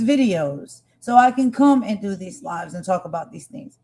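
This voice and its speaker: A woman's voice: medium pitch, lively intonation, moderate pace, hardly any pauses, a little mellow. Impassioned woman hosting a livestream. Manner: earnest, impassioned, talks to viewers directly. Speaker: livestream host. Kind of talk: emotional livestream commentary.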